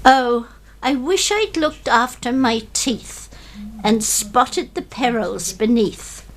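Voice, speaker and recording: A woman's voice: on the high side, takes it slowly, voice pushed up. A woman voicing a rueful older woman lamenting her rotten teeth, in an English country accent, with a lilting comic recitation. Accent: English country accent, impression of a poet.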